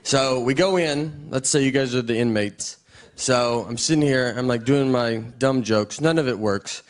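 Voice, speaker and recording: A man with a Southern US accent telling stand-up stories in a dry, deadpan way. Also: mid-range voice, normal speed. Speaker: stand-up comedian. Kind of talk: stand-up set and talk show chat.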